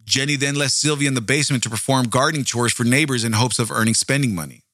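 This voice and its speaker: A man's voice: medium pitch, fast, fairly bright tone, dry recording, studio quality. A man hosting a true-crime show, reading the case aloud and breaking off into blunt, profane asides to his listeners. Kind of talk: true-crime narration with commentary.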